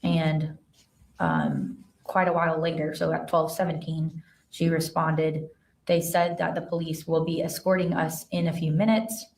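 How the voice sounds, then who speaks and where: A woman witness testifies in a courtroom, her voice set somewhat low and heard from a distance. She reads out messages in a careful, matter-of-fact way, pausing on the odd filler, while the room adds a roomy echo around her. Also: lively intonation, darkish tone. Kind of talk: courtroom testimony, reading texts aloud. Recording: echoey courtroom sound from far off the mic.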